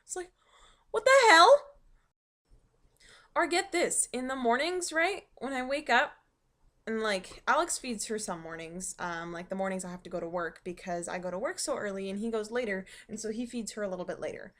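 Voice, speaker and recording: A woman's voice: mid-range voice, a little fast, a bit bright. A young woman vlogging from her dining room at home, telling rambling stories full of ums and likes. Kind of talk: casual storytelling vlog.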